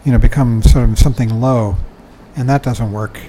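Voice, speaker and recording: Older guy reading a buddhist book aloud and riffing on it, laid-back and warm-toned, mid pitch, laughs a lot. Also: fairly even intonation, normal speed, a little hiss or hum, rough recording. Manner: conversational, chuckling, frequent "you know". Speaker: dharma talk speaker.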